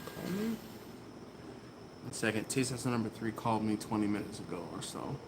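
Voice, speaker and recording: Hosting a loose, casual live stream from a warm garage next to a running smoker, a man with a lowish voice laughs often and reads viewer comments out loud. His pitch rises and falls widely, he talks a little fast, and a fan hums among the background noise.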